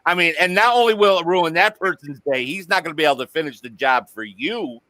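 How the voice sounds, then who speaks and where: A man's voice: fairly high pitch, fast, bright, forceful tone, no room sound. A man hosting a casual live-stream chat, joking crudely and swearing freely. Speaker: host.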